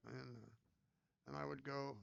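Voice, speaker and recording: An older man tells stories at a conference talk, his voice gravelly yet smooth and resonant. He rambles, restarts and fills pauses with ums and uhs. The recording is dull and lo-fi. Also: mid-range voice, steady tone, a bit bright. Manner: rambling, anecdotal, many fillers and restarts. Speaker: pinball designer giving a talk.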